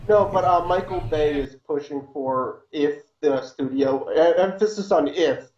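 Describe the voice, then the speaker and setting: A man's voice: a little high, unhurried, darkish tone. A man co-hosting a casual gaming podcast, telling stories in a chatty, emphatic way. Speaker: podcast co-host. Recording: roomy, dull audio with faint background hiss.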